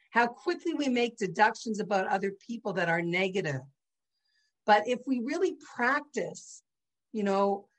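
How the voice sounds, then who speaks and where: A woman's voice: mid-range voice, poor audio. Chatty woman teaching a class. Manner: chatty, full of "you know" and "right?" asides. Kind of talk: conversational religious class.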